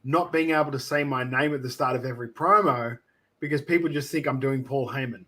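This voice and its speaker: An Australian man chatting casually about wrestling. He rambles and hedges with lots of fillers, and drops in profanity. His voice sits in a plain mid-male pitch. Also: brisk, pushed and bright, husky. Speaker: wrestling manager and promoter. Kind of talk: casual chat.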